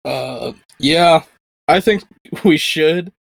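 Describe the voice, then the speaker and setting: A man's voice: fairly high pitch, extremely slow, vocal fry, slightly rough, no room sound. Tired, wry man on a dry mic. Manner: wry, joking, laughs often. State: tired from little sleep. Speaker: podcast co-host. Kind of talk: casual sports podcast chat.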